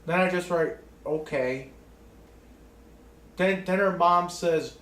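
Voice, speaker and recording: A man's voice: high-pitched, slow pace, long pauses, a bit bright, echoey room. A man ranting casually to camera in a rambling way, swearing often and restarting his sentences. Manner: rambling, profane, many restarts and fillers. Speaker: vlogger.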